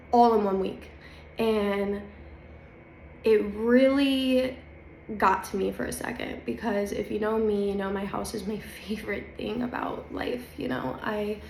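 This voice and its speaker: Woman, casual confiding spiritual vlog, mid pitch, roomy echo with faint background hum. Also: creaky. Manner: chatty, confiding, emphatic. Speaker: spiritual vlogger. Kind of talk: casual spiritual talk to camera. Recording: echoey room with faint ambience.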